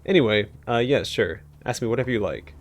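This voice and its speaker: A man voicing a nervous male clerk who keeps bursting out with shouted word lists and then apologizes. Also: medium pitch, expressive, a little fast, natural voice. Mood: twitchy.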